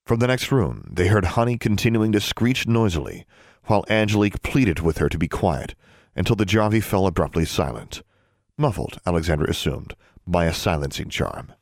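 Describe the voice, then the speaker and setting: Deep male narrator, lively expressive read, dry booth sound. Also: normal speed, gravelly, no echo. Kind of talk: audiobook narration.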